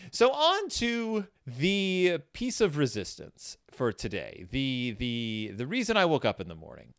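A man hosts a casual book-review chat, rambling along with lots of "uh"s and self-corrections. His pitch moves up and down in lively fashion, and he sits close to a dry-sounding mic. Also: normal speed, hardly any pauses, no echo. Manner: chatty, rambling, many fillers and restarts. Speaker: podcast host reviewing children's books.

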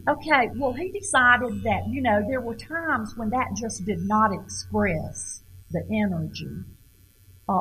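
A middle-aged woman giving an informal lecture on poetry, halting and repeating words as she questions her audience. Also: medium pitch, a bit bright, rough recording.

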